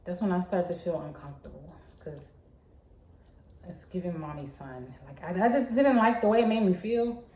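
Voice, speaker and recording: A young woman, telling a story in a chatty, animated way. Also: on the low side, normal speed. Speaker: vlogger. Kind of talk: casual storytime. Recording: echoey room.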